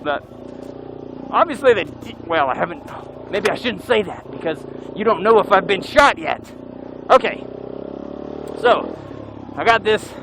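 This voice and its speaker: Man motovlogger on a trail bike, high and very lively voice with a gravelly edge, engine and wind noise in the mic. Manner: animated, whoops and yells while riding. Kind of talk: storytelling while riding. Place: outdoors on an off-road motorcycle trail.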